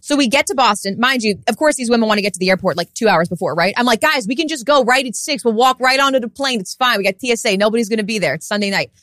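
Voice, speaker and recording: A woman's voice: a little high, expressive, rapid-fire, few pauses, fairly bright tone, dry recording, studio quality. A woman co-hosting a podcast, telling a story in casual chat and acting out quoted voices. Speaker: podcast co-host.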